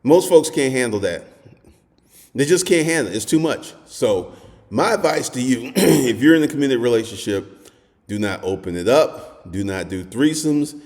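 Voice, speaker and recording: Blunt, crude man with a lively voice. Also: mid-range voice, moderate pace, big-room sound. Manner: crude, animated storytelling, swings to shouting. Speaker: dating advice host. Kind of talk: blunt monologue.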